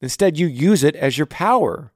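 Answering a listener who asked about grief, this thirty-something podcast host is blunt yet earnest, leaning on rhythmic, repeated phrasing. His voice runs fairly high and animated at an ordinary pace. It's a dry, studio-quality recording captured in a home room.

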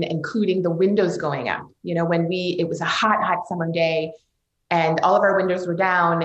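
A woman speaks as an interview guest, earnest and emotional, often pausing and restarting. Her voice sits a little low. It is recorded in a noticeably echoey room. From Canada. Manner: earnest, emotional storytelling with many fillers and restarts. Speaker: film director, interview guest. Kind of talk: interview conversation.

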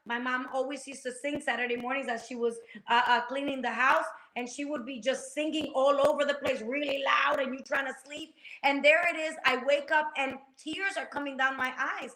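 High bright woman preaching her testimony, all fired up, echoey room. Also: steady tone, brisk, few pauses. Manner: passionate, preacher-like, acts out quotes. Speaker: guest sharing testimony. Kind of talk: faith-based talk show conversation.

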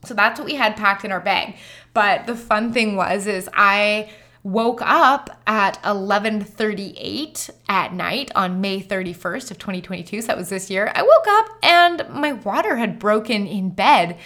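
A woman's voice: medium pitch, a little slow. Chatty young woman telling a story. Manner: chatty, animated, many "like" fillers. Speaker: mother telling her birth story. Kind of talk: casual personal storytelling.

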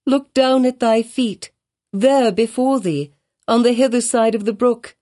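A stern, troubled mother, as a woman narrator voices her, calling out in a raised, commanding voice. The tone stays dark and mellow, in a storybook reading. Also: on the high side, measured pace, voice pushed up, lightly acted. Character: troubled grown mother, stern then sorrowful.

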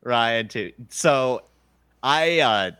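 A man hosting a casual baseball podcast, reading listener questions in a relaxed way. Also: mid-range voice, drawn-out words, smooth, no echo.

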